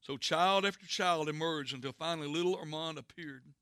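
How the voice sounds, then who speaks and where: A man preaching a sermon, telling a story earnestly with dramatic pauses and hushed endings. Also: a little high, clean tone, no echo, studio quality. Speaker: pastor.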